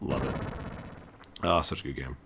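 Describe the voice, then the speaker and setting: A man hosting a let's-play, chatting excitedly through his gameplay and laughing often. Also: extremely low pitch, moderate pace, creaky, heavy background noise. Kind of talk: gameplay commentary. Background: game music.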